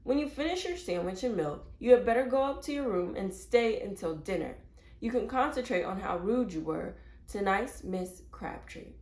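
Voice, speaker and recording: A woman's voice: medium pitch, lively intonation, moderate pace, a little mellow, reverberant, natural voice. A woman voicing a prim, earnest mother who is worried about her daughter. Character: worried, proper mother of a young girl.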